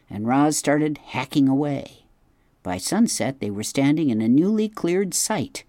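A narrator reading a children's story aloud in a gentle, steady storytelling manner. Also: mid-range voice, no echo. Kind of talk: audiobook narration.

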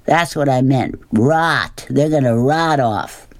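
A man's voice: medium pitch, slow. A man voicing a dim young schoolboy who eagerly echoes a bully, screaming taunts in a storybook reading. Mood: taunting.

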